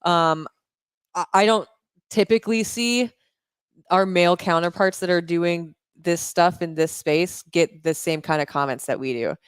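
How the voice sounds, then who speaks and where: A woman co-host with a low, deep voice and frequent vocal fry, talking bluntly and swearing freely in casual podcast chat. Her voice comes through smooth and resonant, with a dry, close sound and no room echo. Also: unhurried. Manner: blunt, profane, laughs often.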